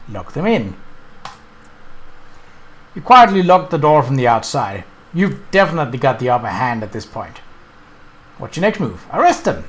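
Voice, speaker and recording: A man casually commenting on his gameplay and reading the game's text aloud, chatty and quick to correct himself. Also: fairly high pitch. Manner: chatty, self-correcting, laughs at the game. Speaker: let's play host.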